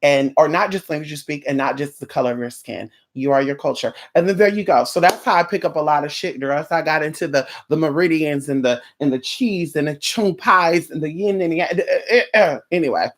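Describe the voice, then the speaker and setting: Mid-pitched voice, sassy live-stream chatter, campy, drawn-out "honey", profane, rambling. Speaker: live streamer greeting chat viewers. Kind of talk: casual live-stream chat.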